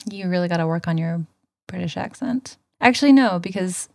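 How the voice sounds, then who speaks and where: A woman's voice: lowish voice, a little fast, vocal fry, no room sound, studio quality. A woman co-hosting a podcast in casual chat, giggly and rambling, a bit tipsy. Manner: giggly, rambling, lots of laughs. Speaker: podcast co-host.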